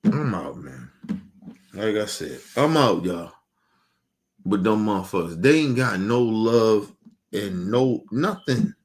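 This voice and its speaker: A man streaming an emotional, profane rant, repeating himself with heated questions and trailing off into low mutters. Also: very animated, takes it slowly, long pauses.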